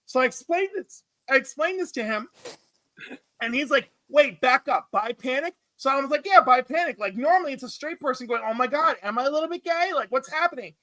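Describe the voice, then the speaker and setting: A man's voice: lively intonation, brisk, pushed and bright, no room sound. A man co-hosting a comics chat show, telling campy anecdotes and acting out the voices of the people in them. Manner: campy storyteller, acts out quotes with big pitch jumps. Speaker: podcast co-host. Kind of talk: animated casual chat.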